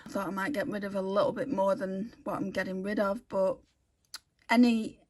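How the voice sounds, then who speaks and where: Woman doing a makeup vlog, chatty, thinks out loud, mid pitch. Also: little pitch movement, moderate pace. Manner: chatty, thinks aloud, self-correcting. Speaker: beauty vlogger. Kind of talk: casual makeup swatching vlog.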